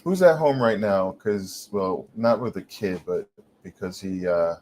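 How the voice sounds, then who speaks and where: A man's voice: low voice, lively intonation, unhurried, darkish tone, rough recording. A man co-hosting a stream, rambling casually about wrestling storylines over a glitching mic. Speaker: co-host of a wrestling watch-along stream. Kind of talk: casual chat. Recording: mic glitching, faint noise.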